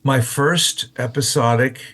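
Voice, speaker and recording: A man in his seventies, an actor telling stories as a guest in an interview, who restarts and repeats words and stretches some words out slowly. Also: mid-range voice, fairly bright tone. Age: 70s. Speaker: actor and voiceover artist, guest. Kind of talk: casual interview storytelling.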